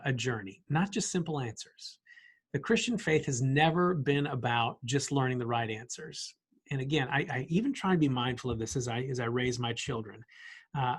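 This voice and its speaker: A middle-aged man teaching a church Bible study class in a conversational way, with a husky voice and vivid voiced examples. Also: mid-range voice.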